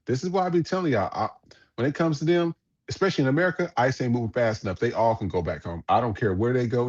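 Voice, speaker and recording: A man's voice: medium pitch, a little mellow, lo-fi sound. A man hosting a podcast, giving casual news commentary in a blunt, profane ranting manner. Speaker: podcast host.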